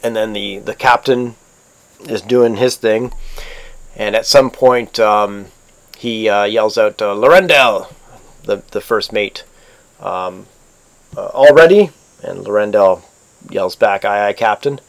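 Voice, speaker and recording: Low-voiced man running a tabletop game. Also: flat delivery. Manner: halting, many fillers and restarts. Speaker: game master. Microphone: online voice chat.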